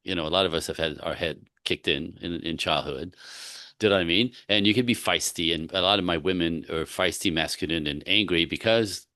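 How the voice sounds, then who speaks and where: A man working as a relationship coach, talking in a podcast conversation and stressing his points by listing them slowly. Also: sits low, sharp tone, dry recording, clean studio sound.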